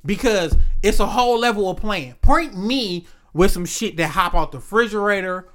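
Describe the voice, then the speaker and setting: A man's voice: high voice, animated, normal speed, fairly bright tone. Blunt, emphatic man in casual chat. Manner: blunt, emphatic storytelling with quoted voices.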